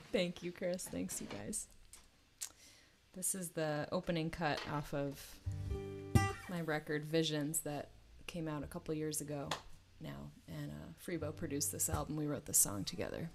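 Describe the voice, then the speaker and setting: A woman hosting a live music stream, talking quietly and calmly between songs. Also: deep voice, measured pace, vocal fry. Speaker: host. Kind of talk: casual chat between songs. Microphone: video call.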